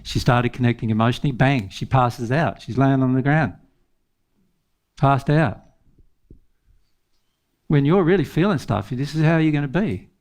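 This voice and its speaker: A man's voice: medium pitch, moderate pace, long pauses, a little mellow. A man giving an informal spiritual teaching talk, earnest, repeating phrases and laughing often.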